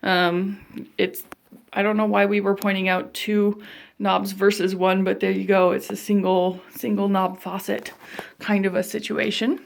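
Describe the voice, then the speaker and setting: A woman's voice: mid-range voice, little pitch movement, measured pace, gravelly. A young woman walking through her own house, chatting casually with self-deprecating asides and a little out of breath. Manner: walking while talking, a bit out of breath. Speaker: vlogger giving a home tour. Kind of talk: casual walkthrough narration. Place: inside her own house, moving room to room.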